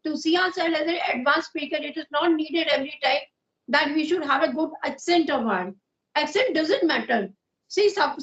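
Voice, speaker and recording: A woman's voice: high voice, a bit bright. A woman with an Indian accent who explains her points in an agreeable way during a casual conversation, saying "yes" and "you know" often. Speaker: guest speaker. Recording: muffled lo-fi audio.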